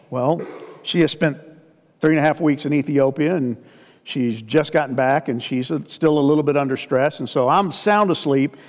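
An older man in his sixties gives a sermon in a somewhat high voice. He talks to the congregation like old friends, full of rhetorical questions and homespun humor. His words trail off into a long, echoing reverb from the sanctuary. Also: a little mellow. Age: 60s. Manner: asks the congregation rhetorical questions, folksy and joking. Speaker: pastor. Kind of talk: conversational sermon.

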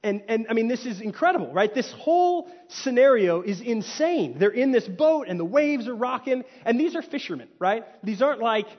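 Male pastor from Texas, animated sermon storyteller, slightly muffled hall sound. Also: very high voice, moderate pace, hardly any pauses. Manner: animated storytelling, acts out quotes, rhetorical "right?". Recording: hall reverb, dull lo-fi sound.

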